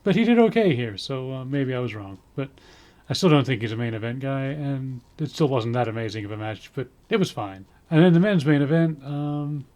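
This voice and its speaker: A man's voice: medium pitch, expressive, brisk, darkish tone. A man giving a casual spoken review in a rambling way, full of ums, with dry sarcastic asides. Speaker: wrestling show reviewer.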